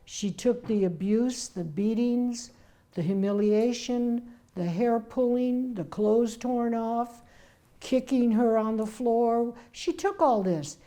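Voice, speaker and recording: An older woman and memoir author telling her family's story in an animated way, acting out the people she quotes. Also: fairly high pitch, slow pace. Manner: animated, acts out quoted voices. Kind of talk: personal storytelling.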